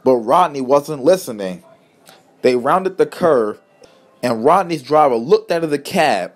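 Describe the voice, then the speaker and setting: A man's voice: fairly high pitch, animated, measured pace, soft background music. A man narrating a homemade storybook tale in a plain, earnest reading voice.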